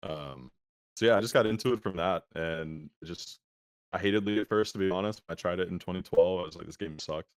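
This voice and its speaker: A young man chatting casually as an interview guest over a video call, relaxed and full of filler words, his audio a little choppy from a poor connection. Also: deep voice, fairly quick, clean tone, no echo.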